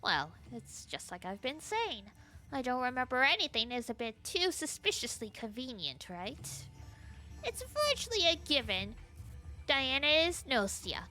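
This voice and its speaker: A woman's voice: sits high, very animated, measured pace, bright, forceful tone, faint music behind, heavily acted. A woman voicing a snide, suspicious man in a game, sneering and dismissive. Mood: accusing. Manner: sneering, dismissive, drops to a mutter.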